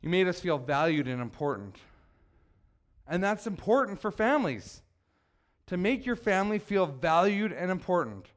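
High-voiced man preaching a sermon. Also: very animated, normal speed. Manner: earnest, emphatic preaching with call-and-response prompts. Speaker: pastor.

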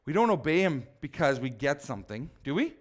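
A man's voice: on the high side, very animated, brisk. A man preaching a sermon as pastor, speaking emphatically and asking the congregation questions.

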